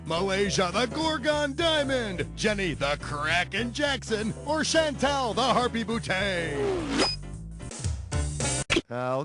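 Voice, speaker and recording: An actor playing a wisecracking, sarcastic male trivia game show host, scripted for a video game, firing off quick jokey asides. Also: high voice. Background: game music.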